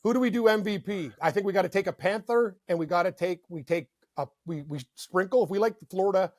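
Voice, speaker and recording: A young Canadian man co-hosting a sports betting podcast, talking in an excitable, rambling way full of "like" and "dude". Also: high-pitched, fast, no echo, clean studio sound. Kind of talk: casual sports chat.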